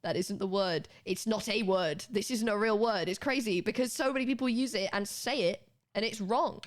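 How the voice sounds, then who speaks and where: A woman's voice: mid-range voice, moderate pace. British woman on stream, chatty and giggly, running a little spelling lesson. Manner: chatty, laughs often, animated. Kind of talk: casual live-stream chat.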